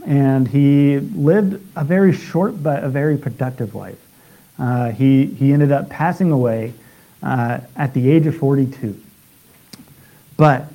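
A man preaching a sermon in a halting way, with many restarts and filler sounds. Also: medium pitch, dull audio.

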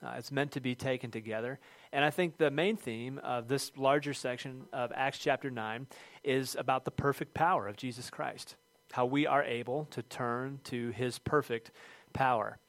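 A middle-aged man preaching a sermon, telling a funny personal story with lively shouted quotes before returning to scripture. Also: mid-range voice, normal speed, no room sound. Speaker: pastor.

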